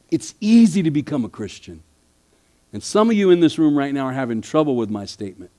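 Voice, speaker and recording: A man who is a pastor, preaching a sermon, telling a story softly and then rising loud when he exhorts. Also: medium pitch, lively intonation, fairly quick.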